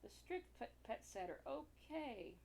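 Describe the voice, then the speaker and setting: A woman's voice: a little high, big pitch swings, measured pace, creaky, a little mellow, a little hiss or hum, full character voice. Woman doing a grumpy little male dog. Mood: grudging. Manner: grudging, sulky.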